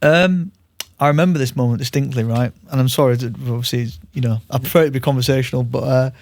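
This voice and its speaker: A man's voice: medium pitch, fast, no echo, clean studio sound. A man hosting a podcast, telling stories in a chatty way and laughing often. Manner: lively storyteller, chatty with frequent laughs. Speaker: podcast host. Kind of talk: casual podcast conversation.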